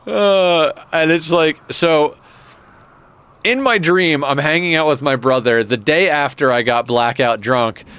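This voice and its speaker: A man's voice: on the high side, unhurried, fairly bright tone, smooth. A man streaming a game live who rambles in casual, profane commentary, chuckling often as he talks into a desk microphone.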